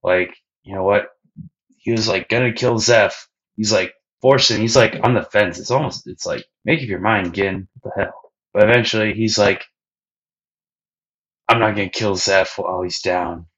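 Low-voiced man recapping on a muffled mic. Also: moderate pace, fairly bright tone. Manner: loose, swearing storyteller who acts out scenes. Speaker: podcast co-host. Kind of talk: casual episode recap. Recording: dull lo-fi audio.

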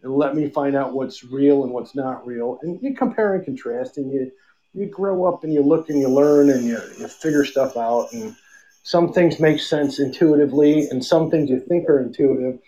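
A man with a mellow, mid-range voice co-hosts a casual podcast chat at normal speed, rambling loosely, swearing and joking. He has the hiccups throughout, and the recording is rough.

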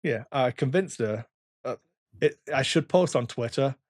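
A man in his thirties hosts a casual podcast chat. His voice sits mid-pitch and sounds dry and close to the mic. He tells stories in an animated way, swears a lot, and acts out the voices of the people in them. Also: normal speed, no echo. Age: 30s. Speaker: podcast host.

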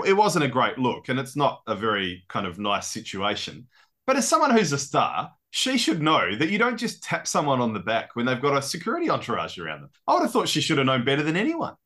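Lively bright-voiced man. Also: mid-range voice. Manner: animated, quick to laugh. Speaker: podcast co-host. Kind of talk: casual chat.

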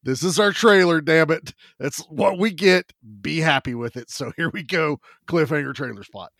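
Man, podcast co-host, animated storyteller, fairly high voice, dry close sound. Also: normal speed, no room sound. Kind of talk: casual movie chat.

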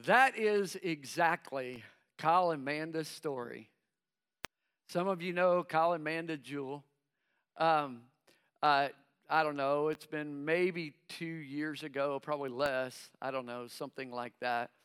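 A middle-aged man preaching in a high, bright voice that rings clear and smooth. He takes his time, speaking slowly and acting out the doubts of nervous believers between calls to the congregation. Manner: preaching with call-and-response asides. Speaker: pastor. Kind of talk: sermon.

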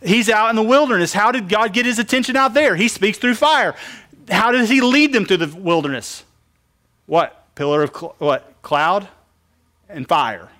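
A man's voice: high-pitched, normal speed, bright, forceful tone. A man preaching a sermon, asking the congregation questions and answering them with emphasis. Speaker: pastor.

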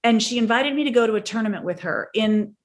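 A middle-aged woman, a parenting and team-building coach, speaking as a guest and telling stories in an earnest, animated way. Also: a little high, fast. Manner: earnest, animated storyteller who acts out dialogue. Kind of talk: storytelling conversation.

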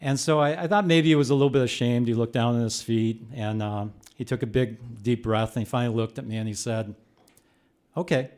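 Older man telling a lively story. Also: medium pitch, fairly quick, hardly any pauses. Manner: animated, rising to shouts when reliving the chaos. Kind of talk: live personal storytelling.

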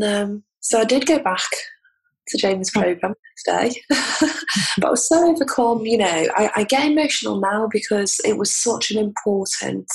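An English woman speaks as a podcast guest, recounting a personal turning point in a candid, heartfelt way with laughs between lines. Her voice is gravelly and husky, sitting in a middle pitch. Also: rough recording. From England. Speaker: podcast guest, transformation coach. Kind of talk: personal storytelling in conversation.

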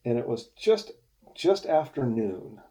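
A man as an interview guest, telling stories in a relaxed, rambling way and laughing often. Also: mid-range voice, measured pace. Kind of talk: casual storytelling.

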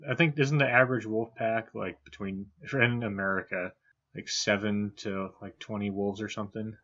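A man's voice: fairly low pitch, steady tone, moderate pace, fairly bright tone, highs cut off. A man co-hosting a podcast in casual chat, joking and hedging with "like". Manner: joking, hedges with "like". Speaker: podcast co-host.

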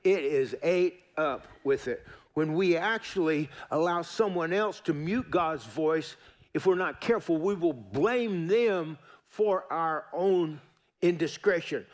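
A middle-aged pastor delivers a sermon in a fairly high voice. He preaches in a folksy, emphatic way, repeating phrases for weight and turning to the congregation with asides. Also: slow pace.

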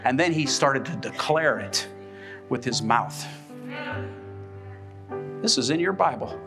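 A man's voice: medium pitch, gravelly. A man preaching a sermon as pastor, emphatic and calling out for responses from the congregation. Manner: emphatic, with call-and-response questions. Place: church sanctuary.

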